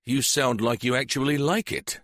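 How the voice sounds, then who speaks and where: A man's voice: mid-range voice, normal speed, a bit bright, dry recording, clean studio sound, pitched above the performer's own voice, lightly acted. A man voicing a wary young detective constable, blunt and sardonic.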